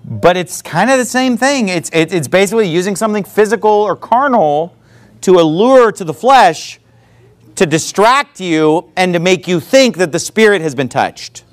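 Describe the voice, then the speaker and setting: A man preaching a sermon, talking in an animated way and sometimes mocking other preachers. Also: sits high, normal speed. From not from the American South.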